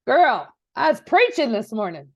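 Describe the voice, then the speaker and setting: A woman's voice: fairly high pitch, sing-song, normal speed. A woman real estate coach giving a passionate, preachy motivational talk, casual with "y'all" and "girl".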